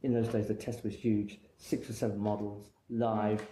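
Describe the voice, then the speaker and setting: A man's voice: fairly low pitch, level tone, moderate pace, mellow. A middle-aged man from England, a guest hairdresser telling long rambling anecdotes in casual chat. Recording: echoey room with faint noise.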